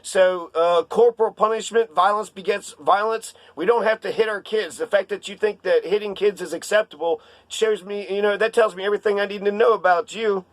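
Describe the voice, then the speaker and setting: A man's voice: high voice, fairly even intonation, fairly quick, hardly any pauses, no echo. A man ranting in casual political commentary, heated and sarcastic, on a close dry mic.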